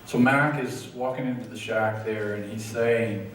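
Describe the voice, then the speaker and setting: A man leading a church study group, talking in a halting way with many fillers, and at times emotional. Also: on the low side, fairly even intonation, a bit bright, a little hiss or hum. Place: church hall. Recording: echoey room, far from mic.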